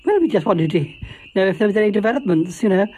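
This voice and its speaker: Woman doing a genteel lady on the phone, says darling and dear, very lively pitch. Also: fast talker, a little hiss or hum, close to an everyday voice, rough recording. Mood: fond. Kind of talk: comedy audio drama.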